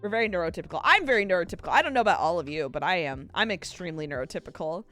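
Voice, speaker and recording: A woman's voice: on the low side, lively intonation, racing, a bit bright, soft background music. A woman streamer chatting casually with her viewers, rambling and laughing often at herself. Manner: giggly, rambling, self-mocking. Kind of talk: casual live-stream chat.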